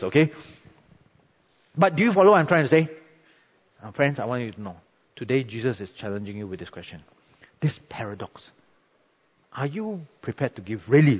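A middle-aged man, preaching a sermon in a conversational, animated way with frequent tag questions. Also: medium pitch, breathy edge. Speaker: pastor. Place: church sanctuary. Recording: dull, echoey hall recording.

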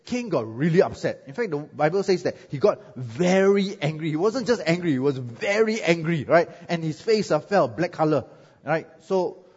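A pastor with a Singaporean English accent preaches a sermon in a fairly high, husky voice at normal speed. He's lively and jokes around, repeatedly asking the crowd "right?" The sound is muffled, with a long hall echo.

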